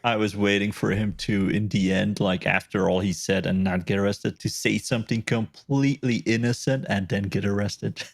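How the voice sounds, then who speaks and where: A man joining a casual podcast chat, animated and jokey, putting on silly voices while retelling scenes. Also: lowish voice, normal speed, vocal fry, hardly any pauses, no room sound, clean studio sound.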